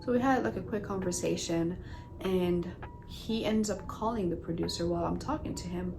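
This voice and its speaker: A woman vlogger recounting a story to her viewers in a chatty, animated way, full of fillers and asides to the audience. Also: lowish voice, normal speed, creaky, music in the background, rough recording. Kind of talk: storytime vlog.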